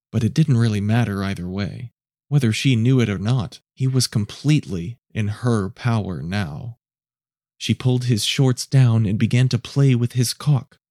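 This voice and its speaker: A man narrates a scripted story in a measured, low-key delivery. His voice is mellow and warm, at a middle pitch. The sound is dry and close. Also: no room sound.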